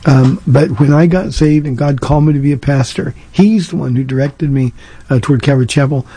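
A man's voice: on the high side, fairly quick, mellow, slight background noise, poor audio. A man from Southern California, a pastor hosting a call-in radio show, answering listeners' questions in an earnest, plainspoken way at length.

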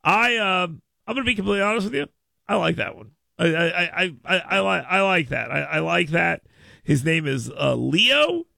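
Gravelly, bright-voiced male show host. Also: sits high, expressive, normal speed, no echo. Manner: stammering, repeats his words often. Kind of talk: casual live-stream commentary.

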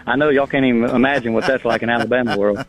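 A man calling in to a radio show, talking in a lively, folksy way and repeating phrases for emphasis. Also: medium pitch, racing. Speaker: caller. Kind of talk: casual phone-in chat. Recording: dry tinny phone line.

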